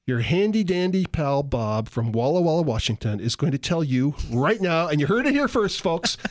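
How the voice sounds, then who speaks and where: A joking, folksy man with a slightly high voice explains scripture in casual talk. The recording is dry and close, with no room sound. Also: very animated, moderate pace, dry recording. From San Diego, California. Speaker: Christian radio co-host. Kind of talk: casual Bible teaching chat.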